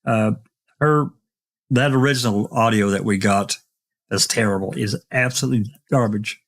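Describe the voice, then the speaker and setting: A man's voice: fairly low pitch, moderate pace, a bit bright. A man hosting an online open mic discussion, talking casually with many fillers and restarts. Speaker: podcast host.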